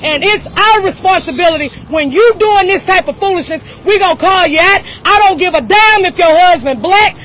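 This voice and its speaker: A woman giving an impassioned, confrontational public speech outdoors, shouting at times. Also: extremely high pitch, moderate pace, hardly any pauses, a little hiss or hum. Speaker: speaker at a press event.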